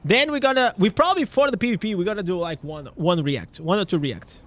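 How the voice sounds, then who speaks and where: A man's voice: sits high, lively intonation, fairly quick, fairly bright tone, a little hiss or hum. A young man with a Portuguese accent chatting casually on a live stream, often restarting his words and swearing now and then.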